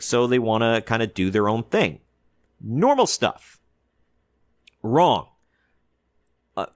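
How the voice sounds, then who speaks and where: A man reviews a film in a loose, exasperated rant, full of fillers. His pitch swings widely as he works himself up, and the sound is dry and close, with no room around it. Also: no echo. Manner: animated, exasperated ranting with many fillers; acts out quoted characters in short bursts. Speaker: movie reviewer. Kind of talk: casual film commentary.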